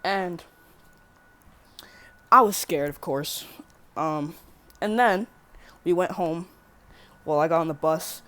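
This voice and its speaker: A woman's voice: fairly low pitch, slow, pauses often, fairly bright tone. A teenage girl rambling through a casual storytime vlog, swearing freely and correcting herself as she goes. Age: teen. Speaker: vlogger.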